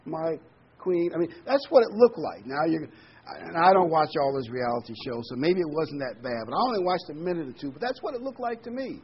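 A man preaching a sermon, talking conversationally and slowing down to read scripture with emphasis. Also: fairly high pitch, sing-song, breathy edge. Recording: dull lo-fi recording with faint noise.

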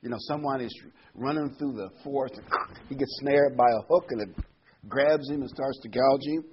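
A man's voice: mid-range voice, moderate pace, highs cut off, a little hiss or hum. A man delivering a sermon, reading Bible verses aloud and then explaining them in plain everyday words. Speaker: preacher.

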